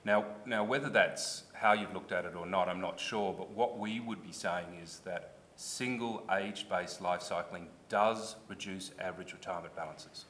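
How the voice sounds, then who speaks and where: Low-pitched Australian man testifying at a hearing, earnest and explanatory, faint rumble behind. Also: normal speed, few pauses, a bit bright. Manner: earnest, explanatory, restarts when pressed. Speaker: submitter at a public hearing. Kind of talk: formal testimony.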